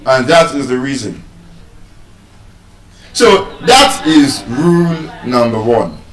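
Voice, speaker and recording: Male teacher, animated classroom drilling, roomy distant sound. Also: medium pitch. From Nigeria. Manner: animated and repetitive, drilling words aloud. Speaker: English pronunciation teacher. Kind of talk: classroom lesson. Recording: echoey room, voice from far off.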